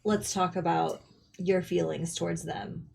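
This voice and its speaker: A woman's voice: lowish voice, steady tone, unhurried, creaky, darkish tone, slight background noise. A woman playing a tabletop game, chatty and slightly hesitant. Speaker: player. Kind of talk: casual tabletop play.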